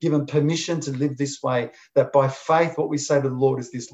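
A man preaching a sermon, emphatic and deliberate, driving points home with repetition. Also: medium pitch, fairly even intonation, darkish tone, lo-fi sound. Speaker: pastor.

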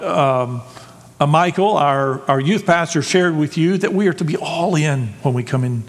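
A man preaching a sermon in a church, animated and emphatic, asking the congregation rhetorical questions. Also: fairly high pitch. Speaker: pastor. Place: church sanctuary. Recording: long hall reverb.

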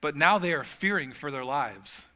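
A man's voice: fairly high pitch, animated, moderate pace, pushed and bright. A man preaching a sermon as pastor, telling humorous stories with casual asides.

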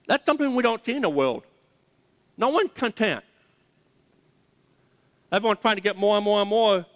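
This pastor's voice sits high and expressive, moving at a moderate pace through his sermon. He leans on key words, repeating them and getting the congregation to call them out. The sound carries the long reverb of a big hall.

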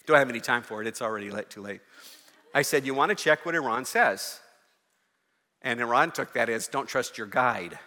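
A man preaching a sermon as a pastor, moving from chatty asides to loud, fervent exhortation. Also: medium pitch, lively intonation, moderate pace, in a large hall. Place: church.

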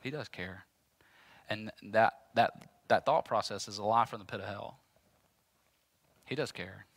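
Bright-voiced man preaching emphatically. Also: fairly low pitch, a little slow, dry recording. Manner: emphatic, repetitive, conversational preaching. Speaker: pastor. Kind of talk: sermon.

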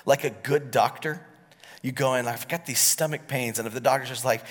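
A pastor in his forties preaching a sermon, swinging between loud, animated passages and hushed, quiet lines. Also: mid-range voice, a little fast. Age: 40s. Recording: long hall reverb.

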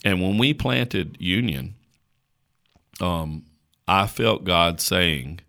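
A man from rural North Carolina, a pastor talking on a podcast in a slow country drawl and checking in with "right?". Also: sits low, expressive, creaky, pushed and bright. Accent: rural North Carolina Southern. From North Carolina, USA. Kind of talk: casual podcast chat.

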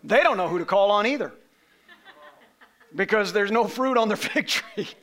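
A man preaching a sermon to a congregation, emphatic and rising to shouts on key phrases, leading call-and-response. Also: high-pitched, lively intonation, normal speed. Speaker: pastor. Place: church sanctuary.

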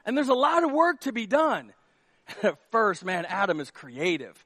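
A man preaching a sermon, comic and animated, acting out characters as he goes. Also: high-pitched, measured pace, slightly rough, dry recording, clean studio sound. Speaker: pastor.

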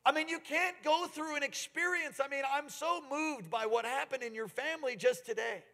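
A man delivering a sermon in an animated, storytelling way, his voice pitched fairly high. Long reverb from a big hall trails each phrase. He swings from relaxed asides to loud, excited peaks. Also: normal speed. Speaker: pastor.

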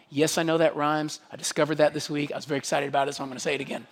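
A man preaching a sermon as pastor, animated and dramatizing his points with quick voiced asides. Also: on the high side, in a large hall.

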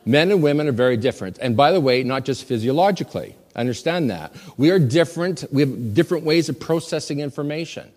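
A man's voice: on the high side, fairly quick. A male pastor preaching a sermon to his congregation in a church, urging the men and joking with the crowd. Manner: animated preaching, calls for audience repetition, jokes with congregation. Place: church sanctuary. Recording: long reverb of a large hall.

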